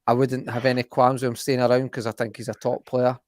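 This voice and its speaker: A man's voice: mid-range voice, little pitch movement, brisk, darkish tone, no echo. Rambling man on a dry podcast mic. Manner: rambling, restarts often, laughs easily. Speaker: podcast co-host. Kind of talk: casual football chat.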